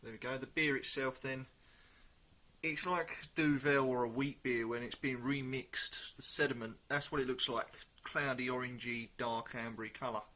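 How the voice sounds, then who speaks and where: A man reviewing a beer in a casual, chatty way, sometimes pausing to search for the right words. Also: mid-range voice, fairly even intonation, sharp tone.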